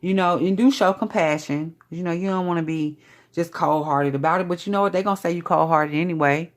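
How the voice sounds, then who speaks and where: Low-voiced, sassy woman reading tarot. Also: fairly quick. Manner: blunt, sassy, chatty, with frequent "okay?" asides. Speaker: tarot reader. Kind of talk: live pick-a-card tarot reading.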